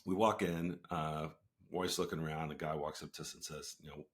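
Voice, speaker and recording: A middle-aged man with a very low, deep voice hosts his own show and tells a personal story in a loose, unhurried way. He pads his sentences with casual fillers and little asides as he goes. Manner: relaxed, frequent fillers and asides. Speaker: host, company founder.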